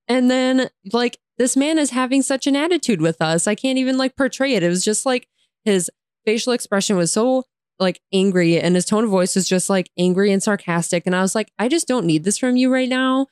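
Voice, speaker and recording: A woman's voice: mid-range voice, a little mellow, smooth, no room sound, studio quality. A young woman telling a frustrating story in a casual storytime rant, exasperated, often breaking into laughter and swearing, with lots of "like". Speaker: vlogger.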